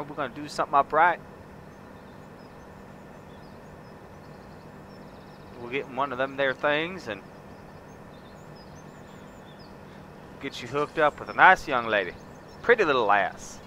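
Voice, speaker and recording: A man's voice: medium pitch, fairly quick, sharp tone, voice pushed up, close to an everyday voice. A man putting on a brash good-ol'-boy southern rancher voice, drawling and teasing. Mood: boisterous. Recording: noisy background.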